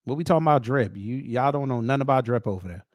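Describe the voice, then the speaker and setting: A man's voice: medium pitch, fast talker, no room sound, clean studio sound. A man hosting a casual reaction commentary, teasing and playful in his banter. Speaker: host.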